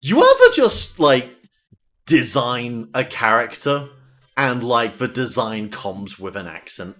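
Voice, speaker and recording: A man streaming a game, giving casual, rambling, profane commentary with deadpan asides. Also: mid-range voice, slow pace.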